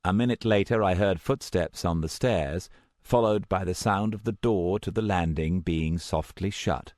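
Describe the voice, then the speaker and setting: A man narrating a first-person audiobook in a measured, steady storytelling manner, close to the mic. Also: deep voice, no echo.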